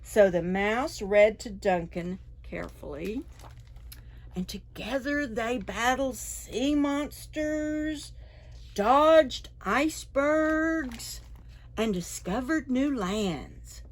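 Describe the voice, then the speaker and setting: A woman librarian reading a picture book aloud to preschoolers in a library, expressive and full of sound effects and asides. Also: a little high, takes it slowly. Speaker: children's librarian. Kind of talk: preschool storytime read-aloud.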